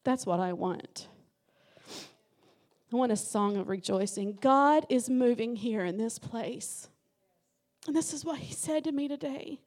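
Impassioned high-voiced woman preaching. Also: unhurried. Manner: impassioned, rising to shouts. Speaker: guest preacher. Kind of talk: Pentecostal sermon. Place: church sanctuary.

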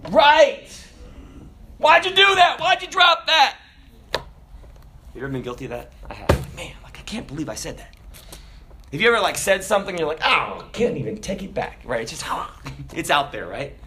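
A man preaching a sermon, swinging from booming shouted lines to quiet, casual asides full of "you know" and "like". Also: big pitch swings, fairly quick, a little hiss or hum. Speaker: pastor.

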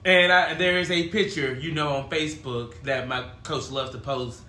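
A man in his forties talks loosely as a podcast host, rambling through stories and breaking into laughs. His voice is bright and forceful. The room around him rings with echo. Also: a little high, steady tone, normal speed. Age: 40s. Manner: rambling, laughs often while storytelling. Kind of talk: casual chat. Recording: echoey room.

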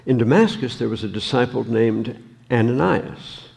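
A man preaching a sermon, reading scripture and reflecting on it slowly, with many pauses and ums. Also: medium pitch, creaky, a little mellow, breathy edge.

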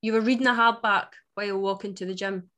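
A Scottish woman from Scotland co-hosting a book podcast, chatting in a wry, animated way. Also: medium pitch, fast. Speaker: podcast co-host. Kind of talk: casual chat.

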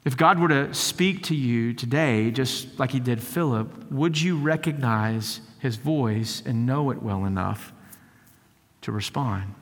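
A man delivers a sermon as a pastor, telling a story in an easy conversational way, stumbling over repeated words and building to fervent emphasis. His voice sits at a middle pitch. It rings out in a hall with a long reverb. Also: unhurried, a bit bright. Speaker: lead teaching pastor.

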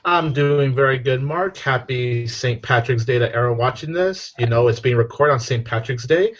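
A man, a guest on a casual movie podcast, jokes and teases in an easy, chatty way. His voice sits at a middle pitch, and the sound is dull and lo-fi. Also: moderate pace. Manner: joking, teasing.

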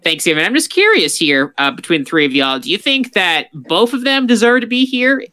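A man hosting a casual chat among friends, theatrical and quick to exaggerated put-downs. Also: high-pitched, big pitch swings, pushed and bright. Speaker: host of a food ranking chat.

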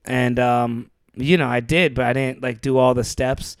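A man's voice: mid-range voice, steady tone, a little slow, clean tone, no echo. Storytelling man in casual chat. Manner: storytelling, slipping into quoted voices.

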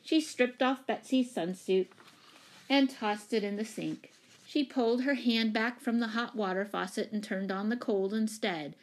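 A woman narrating a children's story in a calm, even reading voice. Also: medium pitch.

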